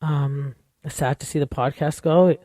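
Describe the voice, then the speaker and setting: A woman with a low, steady, warm voice speaks at a measured pace in a studio-quality recording with no room sound. She's a podcast host giving a candid, opinionated show recap, rambling casually and saying "like" and "you know" a lot.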